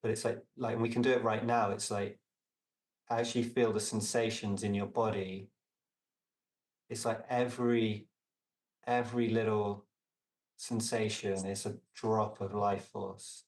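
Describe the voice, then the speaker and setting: A man talking as a podcast guest in casual reflective conversation, meandering with many fillers and restarts and trailing off softly. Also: on the low side, roomy sound, far from the mic. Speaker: podcast guest, relational coach.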